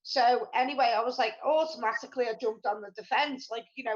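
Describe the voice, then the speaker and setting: A woman, high-pitched and chatty, rambling excitably as she co-hosts a live stream. The audio is dull and lo-fi. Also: quick pace. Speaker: show co-host. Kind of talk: casual live-stream chat.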